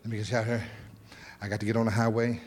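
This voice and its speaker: A man preaching a sermon as pastor in a church, animated, with repeated words, exclamations and casual asides to the congregation. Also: fairly low pitch, racing, a little hiss or hum. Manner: informal, conversational asides to the congregation. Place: church sanctuary.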